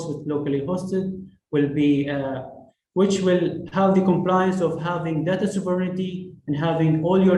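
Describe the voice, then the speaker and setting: A man's voice: fairly high pitch, darkish tone. A man giving a business presentation at a conference, listing services with frequent fillers. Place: conference hall. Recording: echoey room, faint noise.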